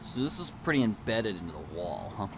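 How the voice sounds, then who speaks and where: A man's voice: lowish voice, sing-song, fairly quick. A man playing a tabletop game, talking casually and hesitantly, often laughing. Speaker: player. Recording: dull lo-fi mic with loud noise.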